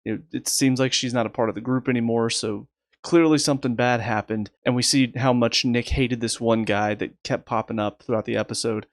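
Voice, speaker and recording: A man talks through his review of a TV episode at a middle pitch, sounding exasperated and sarcastic. He often restarts his sentences. The recording is dry and close, with no room sound. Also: no echo. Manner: rapid recaps in a flat list. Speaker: TV review host. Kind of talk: casual video review.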